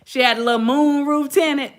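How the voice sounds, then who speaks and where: A woman's voice: sits high, fairly even intonation, moderate pace. A middle-aged woman, telling casual stories to her listeners and laughing often as she talks. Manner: chatty, laughing, addresses listeners as y'all. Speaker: podcast host. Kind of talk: casual storytelling to viewers.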